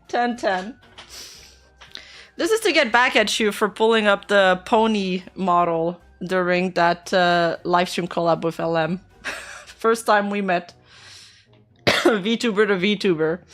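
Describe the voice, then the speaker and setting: A woman's voice: mid-range voice, unhurried, pauses often, fairly bright tone. Woman, casual live-stream chat, blunt, laughs often, faint background music. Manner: laughs often, counts under her breath, blunt and sweary. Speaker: streamer reacting to news.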